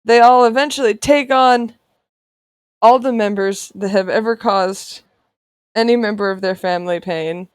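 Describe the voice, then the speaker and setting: A woman's voice: medium pitch, normal speed, smooth, dry recording, studio quality. A woman artist chatting casually while she draws on a livestream, playful and sarcastic, often laughing. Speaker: artist streamer. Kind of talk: casual chat while drawing on stream.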